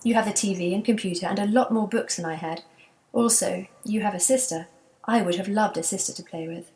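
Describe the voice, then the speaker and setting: A woman's voice: medium pitch, brisk, darkish tone, close to an everyday voice. Woman reading as a wistful old grandmother. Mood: reminiscing. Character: wistful elderly grandmother recalling childhood.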